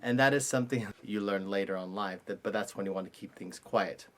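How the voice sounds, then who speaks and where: A man's voice: on the low side, a little fast, loud music behind the voice. A man teaching an online cello lesson, explaining step by step and now and then singing note rhythms aloud.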